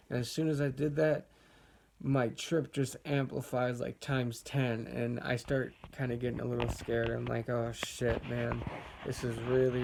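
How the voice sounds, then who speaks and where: A man's voice: medium pitch, creaky, background noise. A young man casually telling a personal story as a vlogger, laid-back and rambling with lots of fillers.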